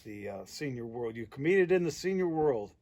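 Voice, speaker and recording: A man's voice: mid-range voice, animated, normal speed, a little mellow, slight background noise. A man with an American accent hosting a casual podcast interview, prompting his guest with short remarks. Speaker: podcast host.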